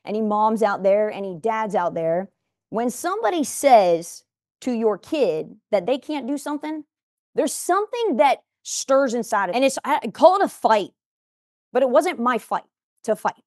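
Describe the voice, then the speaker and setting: A woman's voice: a little high, big pitch swings, a little slow, a little mellow, no echo. A woman in her forties gives a motivational talk in a studio, speaking emphatically and addressing viewers directly.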